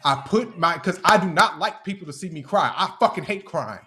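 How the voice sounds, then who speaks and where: A man's voice: fairly high pitch, lively intonation, brisk, pushed and bright. Heated, profane man ranting on a live stream. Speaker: livestreamer addressing critics. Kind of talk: angry live-stream rant.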